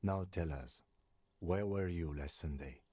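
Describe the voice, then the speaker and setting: A man voicing a composed male police lieutenant in a video game, calm and businesslike. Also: low-pitched, a little slow, breathy edge, no room sound.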